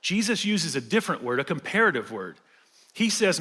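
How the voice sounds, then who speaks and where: A man with a high, bright voice gives a sermon, chatty and loose, full of little fillers and jokes. His voice rings out through a large church hall with a long reverb tail. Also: lively intonation, a little fast. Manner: casual, conversational preaching with fillers and humor. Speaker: pastor.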